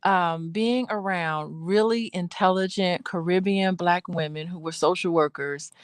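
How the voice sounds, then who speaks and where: A woman's voice: on the low side, measured pace, smooth, no room sound. Emphatic woman podcast co-host, dry sound. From United States. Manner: emphatic, laughs often, restarts. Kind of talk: casual podcast chat.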